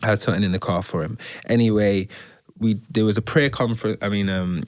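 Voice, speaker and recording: A man recounting his life story as a guest, in an animated, slangy storytelling way. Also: on the low side, brisk, no echo. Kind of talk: conversational testimony.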